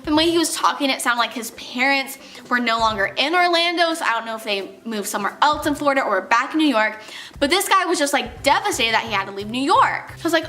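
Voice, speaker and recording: High, bright-voiced young woman telling a story. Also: quick pace, faint music behind. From California. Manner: animated, exclamatory storytelling. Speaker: vlogger. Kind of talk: storytelling vlog.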